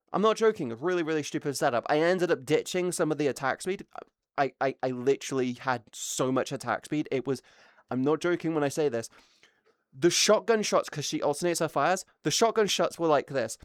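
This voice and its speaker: A woman streaming live, telling a gaming story in a casual, excitable way, swearing often and laughing between words. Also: sits low, fairly quick, no echo, clean studio sound. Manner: excitable, swears a lot, laughs mid-sentence.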